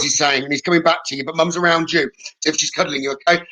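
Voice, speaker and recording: Brisk, bright-voiced man giving readings. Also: on the high side, fairly even intonation, rough recording. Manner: reassuring, frequent "okay?" check-ins, relays messages. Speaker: psychic medium. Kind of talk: live-streamed spirit reading.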